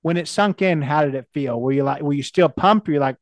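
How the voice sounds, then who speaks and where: A man hosting a casual podcast interview, feeling his way through questions and restarting his sentences. His voice sits a bit high for a man. The sound is dry and close, with no room echo. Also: a little fast. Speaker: podcast host.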